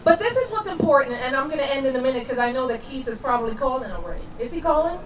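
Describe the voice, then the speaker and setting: Female rally speaker, high and impassioned, distant outdoor sound. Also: expressive, very fast, roomy sound. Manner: impassioned, emphatic, rising to shouts.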